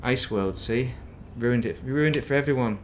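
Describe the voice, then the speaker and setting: While streaming a game, a middle-aged man talks casually, wandering off into memories and mumbling to himself. He has a mid-range voice at a moderate pace, with slight background noise.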